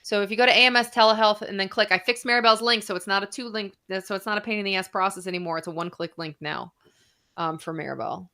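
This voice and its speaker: A woman's voice: medium pitch, fairly even intonation, quick pace, pushed and bright. A woman doctor hosting a casual live Q&A. She chats freely, reads viewer comments aloud and swears a little. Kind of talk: casual livestream chat. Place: Arizona.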